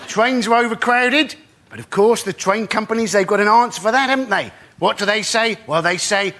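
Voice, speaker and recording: A man's voice: high-pitched, fairly quick, pushed and bright. A man delivering sarcastic stand-up on a panel show, full of rhetorical questions. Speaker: comedian panelist.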